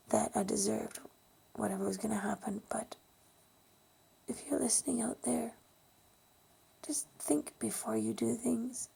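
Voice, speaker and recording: A woman with a breathy, gravelly voice recounts a personal memory, often sinking to a near whisper. Her tone is mellow and dark, and she speaks haltingly, with ums and restarts. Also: medium pitch. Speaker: storyteller sharing a personal memory. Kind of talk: personal storytelling monologue.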